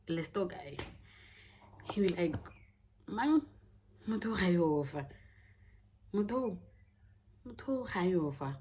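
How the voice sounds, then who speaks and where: Young south african woman, pretty low voice, chatty storytime, lil bit of hum behind. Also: darkish tone. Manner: candid, mixing in Setswana phrases, laughing often. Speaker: YouTuber. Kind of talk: casual storytime monologue.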